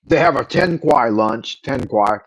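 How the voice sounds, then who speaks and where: A man's voice: medium pitch, lively intonation, measured pace, poor audio. A middle-aged man with a Californian accent, rambling and swearing in an opinionated livestream chat. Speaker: livestream host.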